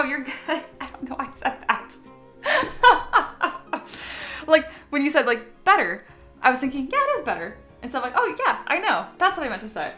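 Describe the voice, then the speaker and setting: In a roomy-sounding recording, a woman with a medium-pitched, slightly bright voice sculpts live while chatting with her audience. She reads viewer comments out loud and pokes fun at herself in a relaxed, talkative way.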